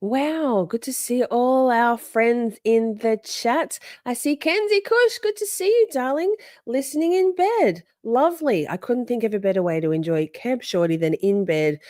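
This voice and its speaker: A woman's voice: on the high side, lively intonation, unhurried, darkish tone, no echo. A woman hosting a live-stream podcast from home in a casual, chatty way, greeting viewers by name and breaking off to scold her dogs. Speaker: podcast host.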